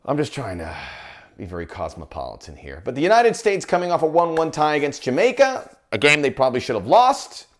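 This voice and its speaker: Middle-aged soccer guy rambling on his vlog, jokey, voice jumps all over. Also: fairly high pitch. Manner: animated, jokey, chatty. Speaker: soccer broadcaster and podcast host. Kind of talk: casual video monologue.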